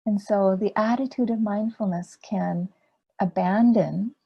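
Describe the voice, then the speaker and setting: A woman meditation teacher giving a dharma talk in a gentle, unhurried way, asking rhetorical questions. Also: medium pitch, creaky, slightly rough, highs cut off.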